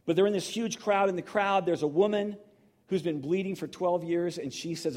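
A man's voice: sits high, fairly quick, darkish tone. A middle-aged man preaching in a conversational, emotional storytelling manner, full of restarts. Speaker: pastor. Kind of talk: sermon.

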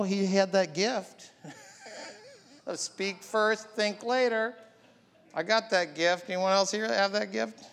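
A man's voice: high-pitched, gravelly, fairly bright tone. A man preaching a sermon as pastor, building up with emphatic repeated lines. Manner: preaching with rising, emphatic repetition. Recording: long hall reverb.

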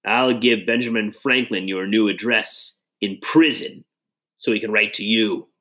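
A man's voice: lowish voice, steady tone, measured pace, a bit bright, poor audio. A man reading aloud and voicing a bullying Tory villain who snarls mocking threats. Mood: sneering. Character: bullying adult male Tory villain, sneering.

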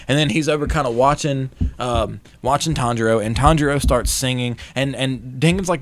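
A man's voice: medium pitch, fairly quick, few pauses. A young man co-hosting a podcast, animatedly recapping an anime in casual chat and acting out the characters' lines. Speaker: podcast co-host.

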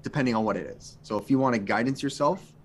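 A man's voice: medium pitch, lively intonation, fast talker, slight background noise. A man acting as game master, narrating and explaining rules with frequent fillers.

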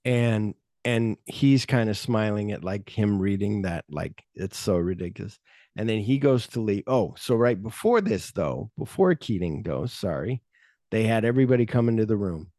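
A man's voice: on the low side, moderate pace, warm tone, no room sound, clean studio sound. A middle-aged man hosting a podcast, retelling movie scenes in casual chat and swearing freely. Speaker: podcast host.

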